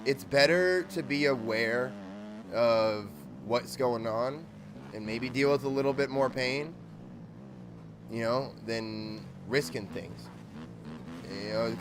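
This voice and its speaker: A man live-streaming a motocross game, chatting loosely and swearing, rambling with lots of "like" and "dude". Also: medium pitch. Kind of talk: casual live-stream chat while gaming. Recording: motorbike game engine noise behind.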